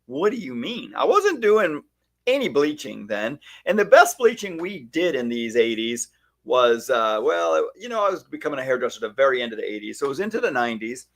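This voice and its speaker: A man's voice: mid-range voice, brisk, gravelly. A man in his fifties, a hairstylist co-hosting a casual chat, telling stories animatedly and acting out the lines of others. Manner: animated storyteller, acts out quoted dialogue. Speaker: hairstylist co-host.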